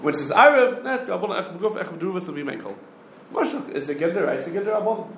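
A man teaching a Talmudic law lecture, firing off rapid questions and rising challenges. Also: high voice, expressive, a bit bright, slight background noise. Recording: roomy echo with faint ambience.

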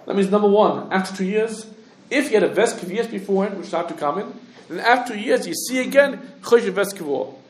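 A man teaching a halachic lecture, talking quickly with restarts and lots of Hebrew and Yiddish terms. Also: high voice, animated, echoey room. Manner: rapid, halting, many restarts, heavy Hebrew terms. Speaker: Torah teacher.

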